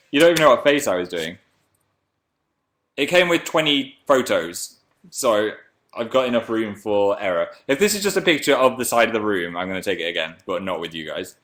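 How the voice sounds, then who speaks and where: A man's voice: lively intonation, brisk, fairly bright tone. Playful young man with a slight northern accent. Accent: slight northern English. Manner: chatty and playful, jumps into silly high voices. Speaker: livestreamer. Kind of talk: casual livestream chat answering viewer comments.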